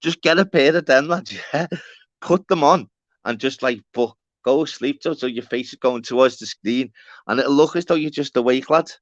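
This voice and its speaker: A man's voice: mid-range voice, normal speed, no room sound. Brief: Scouse male streamer, matey and rambling, swears a lot, dull dry lo-fi sound. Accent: Liverpool (Scouse). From Walton, Liverpool, England. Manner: rambling and matey, swears, calls viewers by name. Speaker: live stream host. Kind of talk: casual live-stream chat to viewers.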